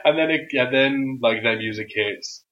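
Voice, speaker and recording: A man co-hosting a casual wrestling chat, animated, swearing and often bursting into loud impressions of wrestlers. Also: medium pitch, moderate pace. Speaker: podcast co-host. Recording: dull lo-fi sound.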